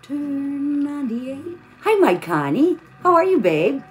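A woman's voice: high-pitched, big pitch swings, takes it slowly, soft background music. A tired woman hosting a live stream, chatting casually while she crafts and greeting viewers by name with pet names.

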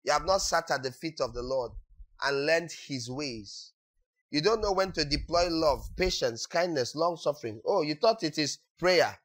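A man preaching a sermon as pastor, acting out quotes and breaking into sudden shouts. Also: on the high side, animated, moderate pace.

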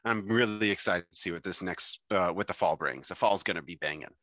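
A man's voice: deep voice, brisk, pushed and bright, no room sound. A man speaking as a podcast guest in a casual interview. He rambles, restarts his sentences and leans heavily on filler words. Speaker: podcast guest, mushroom competition co-founder.

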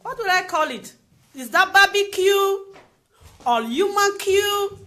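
Very high-voiced Nigerian woman vlogging. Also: expressive, takes it slowly, sharp tone. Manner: emphatic, repeats phrases, piles up rhetorical questions. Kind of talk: impassioned opinion monologue to camera.

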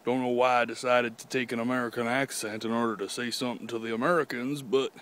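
Filming a casual vlog on his handheld phone, a young Canadian man walks by a golf course pond, joking, rambling, and cursing lightly. He talks fast in a steady, mid-range voice that sounds a bit bright.

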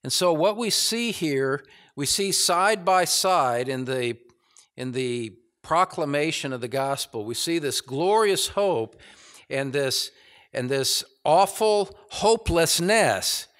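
An American man preaching a sermon at a measured, unhurried pace. His voice sits a bit high, and he leans into key phrases with emphatic force, building intensity as he goes. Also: lively intonation, fairly bright tone. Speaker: pastor.

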